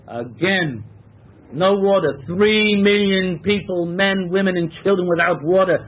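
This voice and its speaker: A man's voice: high-pitched, measured pace. A man teaching a Torah class, translating verses phrase by phrase and stressing key words. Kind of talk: text-study lecture. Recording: tinny phone-like lecture recording.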